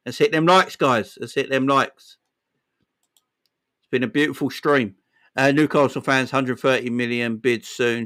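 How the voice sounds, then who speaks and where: A man hosting a casual football fan livestream, excitedly shouting out viewers by name. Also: mid-range voice, a little slow, pauses often. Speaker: livestream host.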